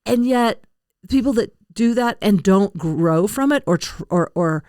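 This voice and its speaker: A woman's voice: medium pitch, lively intonation, a little slow, darkish tone, dry recording, studio quality. An older woman hosting a casual conversational interview, chatty and self-deprecating, laughing often. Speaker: podcast host.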